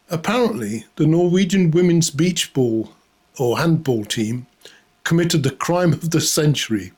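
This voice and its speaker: A man delivering a satirical comedy monologue in a sarcastic, mock-outraged way, often laughing at his own jokes. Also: fairly high pitch. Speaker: comedy host.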